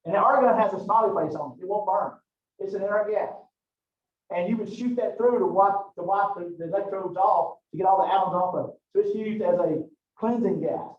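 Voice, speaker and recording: A man's voice: high-pitched, a little fast. A man giving a college classroom lecture in a rambling, conversational way, drifting into stories. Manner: rambling, conversational, digressive storytelling. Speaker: college anatomy instructor. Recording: roomy, distant, dull lo-fi classroom recording.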